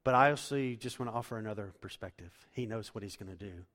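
A man's voice: on the low side, fast talker. Impassioned male preacher in a reverberant hall. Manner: impassioned preaching, swinging from loud emphasis to hushed tones. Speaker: pastor. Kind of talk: sermon.

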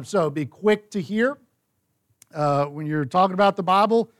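High-voiced man leading a Bible study. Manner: conversational, reads scripture aloud.

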